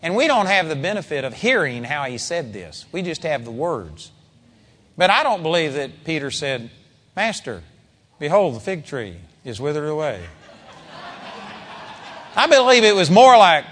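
Animated male preacher with a high voice, recorded in a reverberant hall. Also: normal speed, long pauses. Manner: animated, conversational preaching with sudden loud peaks. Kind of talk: sermon.

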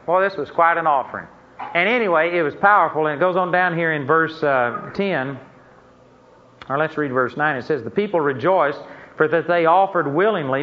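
A man preaching a sermon in a folksy, conversational way, breaking off to ask the congregation questions and tossing in asides. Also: a little high. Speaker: pastor. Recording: dull lo-fi sermon recording.

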